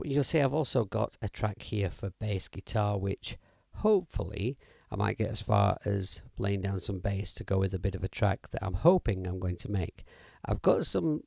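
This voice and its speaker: A man's voice: on the low side, vocal fry, a little mellow, dry recording, clean studio sound. A middle-aged man, casually demoing music apps on a live stream, chatty and rambling with fillers and self-corrections. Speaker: music app demo livestreamer. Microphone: audio interface mic.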